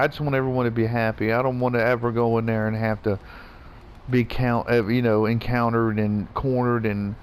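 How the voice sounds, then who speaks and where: A man's voice: mid-range voice, slight background noise. Profane ranting man. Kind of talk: casual gaming rant.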